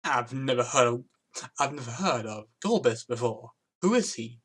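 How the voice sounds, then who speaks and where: A woman voicing a timid young prince who pleads softly. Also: very deep voice, expressive, normal speed, husky, exaggerated voice. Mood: shaken.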